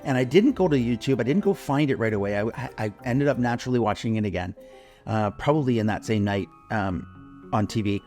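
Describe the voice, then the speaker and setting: A man co-hosting an advertising podcast, telling a story in a lively, laughing, swearing way. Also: medium pitch, fairly quick, soft background music. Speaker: podcast co-host, advertising consultant. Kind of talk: casual chat.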